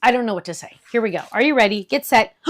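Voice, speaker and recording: Middle-aged woman, craft shop host, gushing product demo, a bit high-pitched. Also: sing-song, fairly quick. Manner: gushing, enthusiastic.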